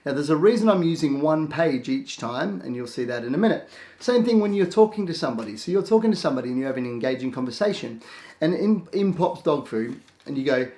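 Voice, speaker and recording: A man teaching a productivity tip in a casual, lively way, acting out his own thoughts in quick asides. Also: a little high. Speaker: productivity coach. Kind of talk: casual instructional talk to camera. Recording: echoey room.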